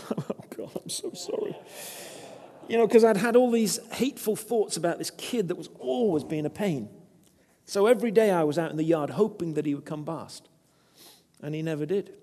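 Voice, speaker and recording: High-voiced male preacher in a reverberant hall. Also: brisk, dark tone. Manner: earnest, conversational, anecdotal. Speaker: preacher, former vicar. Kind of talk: sermon with personal storytelling.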